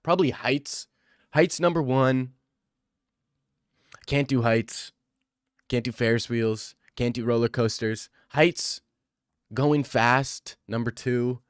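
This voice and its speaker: A man's voice: medium pitch, dry recording, studio quality. A young man chatting casually on a livestream, rambling and joking with slang. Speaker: streamer.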